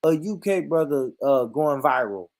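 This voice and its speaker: A man's voice: on the high side, unhurried. A man hosting his own vlog, ranting comedically with lots of swearing and frequent laughs. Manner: animated, swearing, laughing often. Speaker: vlogger. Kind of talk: profane comedic rant.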